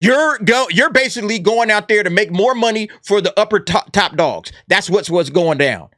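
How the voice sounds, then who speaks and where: Brash, mocking man with a bright voice. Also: high-pitched, animated, moderate pace, no echo, clean studio sound. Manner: brash, mocking, profane, laughs at his targets. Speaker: commentary channel host. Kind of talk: casual commentary monologue.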